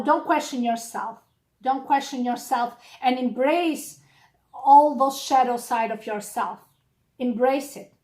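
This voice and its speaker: A woman giving a casual, blunt and encouraging tarot reading straight to the viewer. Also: sits high. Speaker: tarot reader. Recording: echoey room.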